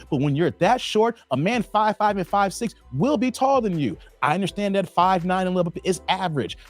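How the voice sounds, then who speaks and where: A man with a somewhat high voice that swoops up and down as he drives his points home. He talks in a casual, emphatic commentary style, like a reaction host lecturing his viewers, with faint music under him. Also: darkish tone.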